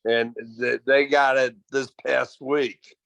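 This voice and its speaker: Gravelly, chatty man on a call. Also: mid-range voice, flat delivery, takes it slowly, fairly bright tone, dry recording. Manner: chatty, rambling with restarts. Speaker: caller. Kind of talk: casual call.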